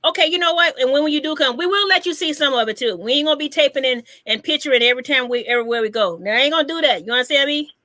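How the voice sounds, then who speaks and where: A woman's voice: high-pitched, rapid-fire, few pauses, bright, forceful tone, no echo, clean studio sound. A woman comedian hosting a casual live chat, brassy and teasing, repeating herself for emphasis.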